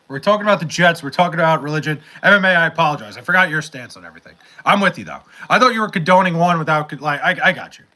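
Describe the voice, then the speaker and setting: A man's voice: on the high side, sharp tone. A young man hosting a casual livestream, reading chat and rambling with profanity, fillers and restarts.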